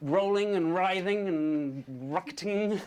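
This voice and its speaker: A man narrating an animated story pitch, describing action and making sound effects. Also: slow pace, very noisy. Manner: dropping into low voices, making sound effects.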